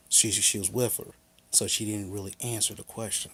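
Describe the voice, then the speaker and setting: A man's voice: fairly low pitch, fairly quick, fairly bright tone, husky. A man telling a personal story in a rambling, aggrieved rant, full of restarts and quotes of what others said. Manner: aggrieved and frank. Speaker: vlogger.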